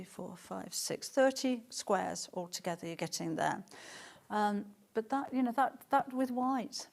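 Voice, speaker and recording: A middle-aged woman presenting on a live shopping stream. She chats warmly about the fabric and reads out viewer comments as she goes. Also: mid-range voice, vocal fry.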